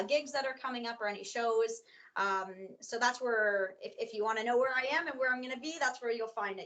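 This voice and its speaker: A woman singer answering interview questions in an easygoing, measured way. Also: medium pitch, fairly bright tone, poor audio. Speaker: singer and guest.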